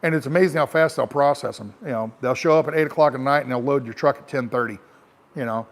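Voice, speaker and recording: A man's voice: mid-range voice, quick pace. A middle-aged American man, a truck driver, telling a rambling, frank story to camera in a casual way.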